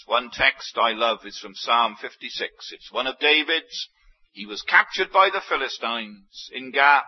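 A man preaching a sermon, emphatic, with big swings in pitch and loudness. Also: sing-song, unhurried. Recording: dull lo-fi sermon recording.

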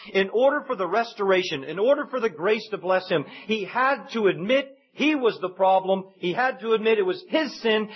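High, husky-voiced man preaching. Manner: conversational preaching, mimics voices in quotes. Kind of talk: sermon. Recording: dull lo-fi sound.

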